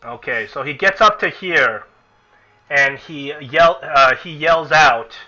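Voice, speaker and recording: A man's voice: fairly high pitch, slow, pushed and bright, faint music behind. A man narrating a tabletop game as game master, thinking aloud and restarting sentences, in a dull lo-fi recording.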